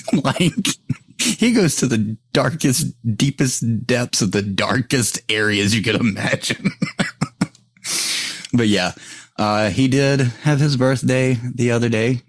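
Man hosting a podcast, lowish voice, dry close sound, profane, laughs a lot. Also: no room sound. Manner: profane, laughs often, rambling storyteller. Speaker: podcast host. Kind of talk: casual chat.

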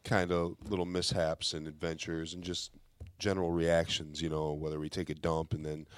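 A young man casually telling a childhood story to friends on a podcast, animated and laughing through the punchlines. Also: sits low, moderate pace, clean tone, dry recording.

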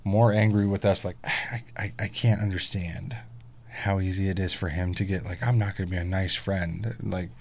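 A man in his thirties chatting casually as a podcast guest, telling family stories animatedly, swearing freely and mimicking squeaky kid voices. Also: fairly even intonation, normal speed, creaky, a little hiss or hum. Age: 30s. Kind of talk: casual chat.

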